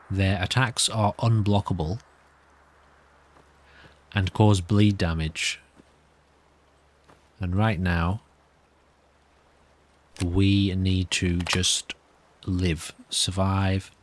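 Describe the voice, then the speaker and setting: A man's voice: on the low side, no room sound. A nervous man giving rambling, self-amused commentary while playing a video game. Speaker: gameplay commentator.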